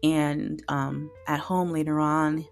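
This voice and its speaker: A woman's voice: deep voice, level tone, slow, gravelly, soft background music. A woman hosting a podcast, casually and emotionally retelling drama episodes with lots of fillers. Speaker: podcast host reviewing dramas. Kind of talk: casual solo review.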